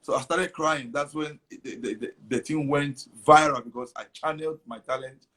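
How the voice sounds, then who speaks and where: Husky young man telling stories. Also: fairly high pitch, normal speed. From Cameroon. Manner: animated, repeats words, mixes in Pidgin. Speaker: comedian guest. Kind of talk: casual interview storytelling.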